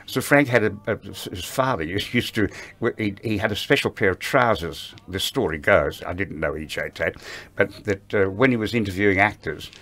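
An older man with a fairly low voice tells backstage anecdotes in an interview. He is a lively raconteur who slips into the voices of the people he remembers. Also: moderate pace. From Australia. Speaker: interview guest, ballet veteran.

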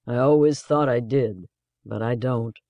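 A man's voice: medium pitch, unhurried, no room sound, lo-fi sound, natural voice. A man playing a stern, guarded military general. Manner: professional, clipped.

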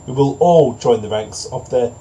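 Mellow-voiced man telling a fable. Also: mid-range voice, moderate pace, lo-fi sound, slight background noise. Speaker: narrator. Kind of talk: storybook narration, then preachy commentary.

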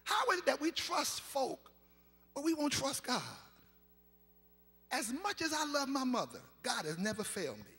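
A man's voice: very high voice, very animated, normal speed, long pauses. Whooping preacher in his fifties. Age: 50s. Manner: chanting, sing-song whooping delivery that builds to shouts. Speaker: pastor. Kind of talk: sermon. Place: large church sanctuary. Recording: live church recording with long reverb and faint organ.

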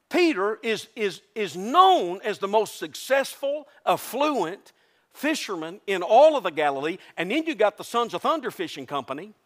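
A preacher from delivers a sermon to his congregation in a high, ringing voice. His pitch swoops up and down as he stirs the crowd. He mixes fervor with jokes and stumbles into quick restarts as he presses his point. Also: a bit bright. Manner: impassioned, joking, repeats and restarts words. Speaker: pastor. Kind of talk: lively Southern revival sermon. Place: church sanctuary before a congregation.

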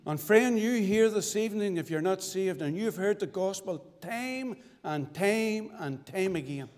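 A man from Northern Ireland giving his testimony as a sermon, with fervent preaching that swings sharply between loud and hushed. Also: high-pitched, expressive, a little slow. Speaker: testimony speaker at a church. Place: church hall. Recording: church recording with long reverb.

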